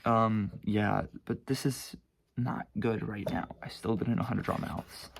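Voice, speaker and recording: A man's voice: lowish voice, steady tone, measured pace, vocal fry, a little hiss or hum. A teenage boy casually rambling about his own sketchbooks at home, swearing and mocking himself. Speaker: vlogger showing his sketchbooks. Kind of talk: casual chat.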